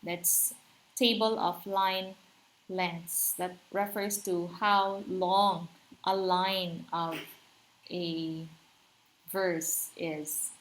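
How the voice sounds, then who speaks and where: A woman's voice: on the low side, level tone, extremely slow, a little hiss or hum. A woman teaching a literature lesson, explaining terms and asking her listeners rhetorical questions. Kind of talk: literature lecture.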